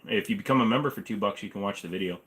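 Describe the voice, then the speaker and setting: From a combined bedroom-living room in his apartment, a man in his forties hosts a laid-back livestream Q&A. His voice sits lowish with a fairly bright tone, and he fires off rambling, joking, offhand remarks at a rapid clip.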